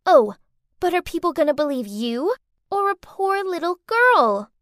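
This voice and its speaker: A woman voicing a manipulative little girl in an animated story, whiny one moment and coldly threatening the next. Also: very high voice, a little slow, dry recording, clean studio sound, exaggerated voice. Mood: scheming.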